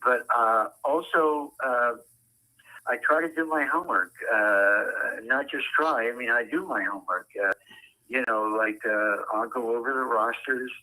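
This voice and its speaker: An older man who works as a ballpark public address announcer, speaking as an interview guest with precise enunciation and frequent "uh" pauses. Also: mid-range voice, sharp tone, rough recording.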